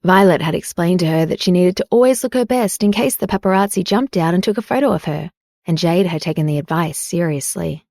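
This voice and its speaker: A woman reading a romance audiobook as narrator, in an even, unhurried way. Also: on the low side, dry recording, studio quality. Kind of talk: scripted narration.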